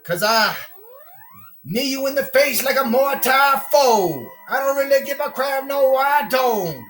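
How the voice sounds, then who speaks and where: A man from the US giving casual, excitable gameplay commentary, whooping and breaking into rhymed boasts. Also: very high voice, takes it slowly, faint music behind, low-quality recording. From United States. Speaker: gamer.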